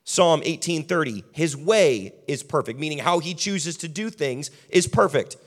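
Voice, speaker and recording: A man preaching a sermon as pastor, building repeated lists and dropping his voice low and quiet for emphasis. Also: lively intonation, unhurried, in a large hall.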